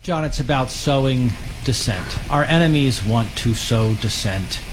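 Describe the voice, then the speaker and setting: A man, a government intelligence official interviewed as a guest, answering in a measured, earnest way. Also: medium pitch, animated. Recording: audible background noise.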